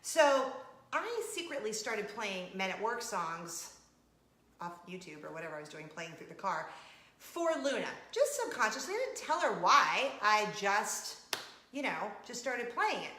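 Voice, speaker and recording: A woman's voice: mid-range voice, unhurried, reverberant. A woman vlogger, chatting casually and playfully with her viewers. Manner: chatty and animated, with laughs and playful asides. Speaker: vlog host. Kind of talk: casual chat.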